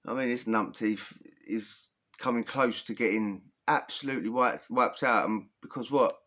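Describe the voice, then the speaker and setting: A man's voice: medium pitch, moderate pace, lo-fi sound. A young man casually telling a prison story, chatty and full of slang, often breaking into laughter.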